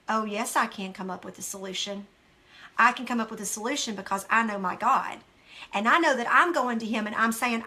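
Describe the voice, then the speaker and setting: Bright, high-voiced woman teaching devotionally. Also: moderate pace. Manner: earnest, emphatic, direct address to viewers. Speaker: devotional study host. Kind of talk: devotional teaching with scripture reading.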